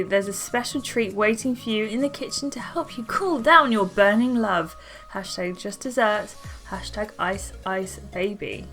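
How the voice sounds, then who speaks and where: A woman's voice: mid-range voice, normal speed. A young woman hosting a gaming video, reading a story game's lines aloud in a playful way and adding her own comments. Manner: playful, reads each character's lines in turn. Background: faint game music.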